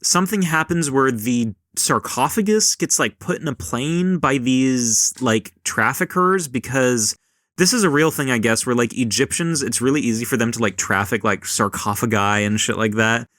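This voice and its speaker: A man's voice: mid-range voice, a bit bright, dry recording, clean studio sound. A man hosting a podcast, casually recapping a horror film in a loose, profane, rambling way and briefly acting out the characters. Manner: rambling, acts out characters in quick bits. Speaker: podcast host.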